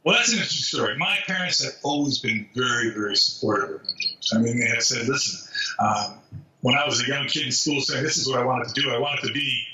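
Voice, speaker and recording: Man, 60s, New York, animated storyteller, bright forceful voice, off-mic in an echoey room. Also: medium pitch, fast. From New York City. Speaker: zoo spokesman, guest. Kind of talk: storytelling interview. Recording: roomy, distant, dull sound.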